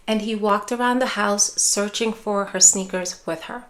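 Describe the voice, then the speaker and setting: A woman dementia care educator giving a calm, measured talk with reassuring example phrases. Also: medium pitch. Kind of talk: scripted educational talk to camera.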